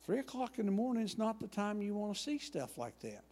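A man preaching a sermon, acting out Bible dialogue with lively emphasis. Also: sits high, fairly quick, long reverb tail. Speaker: pastor.

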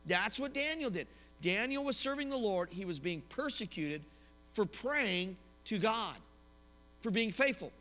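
Male pastor, high and bright, lively sermon with stories, in a reverberant hall. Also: a little slow. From Oklahoma, US. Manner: lively preaching with personal stories and questions to the congregation.

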